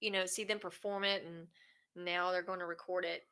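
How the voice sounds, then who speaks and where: A woman from South Carolina with a Southern accent, a country singer chatting in an interview, talkative and quick to laugh. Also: lowish voice, flat delivery, pushed and bright, smooth. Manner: chatty, laughs often, drawling. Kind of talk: casual interview chat.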